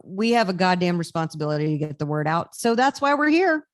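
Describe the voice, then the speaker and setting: A woman's voice: on the low side, sing-song, brisk. A young adult woman co-hosting a podcast in casual, candid chat. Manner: earnest, candid, mimics people in quoted asides. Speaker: podcast co-host.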